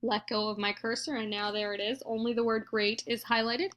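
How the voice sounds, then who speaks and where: A woman teacher talks through a computer tutorial in a fairly high voice. She explains each click patiently, one step at a time. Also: level tone, brisk, a bit bright, slight background noise. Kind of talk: screen-recorded tutorial.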